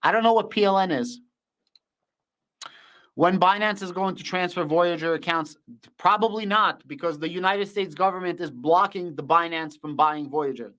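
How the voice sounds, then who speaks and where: A man's voice: high voice, normal speed, bright, forceful tone. A young man with a Russian accent hosting a casual livestream, talking bluntly and repeating his thank-yous. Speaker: livestream host.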